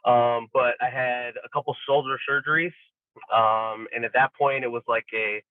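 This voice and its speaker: A man's voice: mid-range voice, normal speed, dry recording. A man telling stories in a casual podcast chat, acting out quotes with lots of fillers. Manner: animated storyteller acting out quotes, many fillers. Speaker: podcast guest, athlete. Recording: tinny phone-like line, dry.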